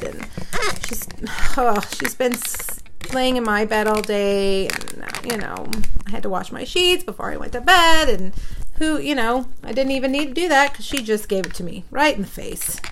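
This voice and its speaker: A woman's voice: on the high side, fairly bright tone, slight background noise. A middle-aged woman hosting a crafting live stream on her phone, chatting casually, laughing and sounding a bit frazzled. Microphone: phone camera.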